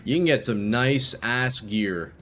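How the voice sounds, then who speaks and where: A man's voice: medium pitch, animated, slow pace, fairly bright tone, slight background noise. A young man streaming a game live, chatting casually with viewers and swearing freely. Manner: laid-back, swears freely, chats with viewers.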